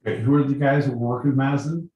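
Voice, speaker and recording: A man's voice: mid-range voice, steady tone, fast, dark tone. A man co-hosting a casual comedic podcast, joking, swearing and interrupting. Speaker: co-host. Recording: roomy, away from mic.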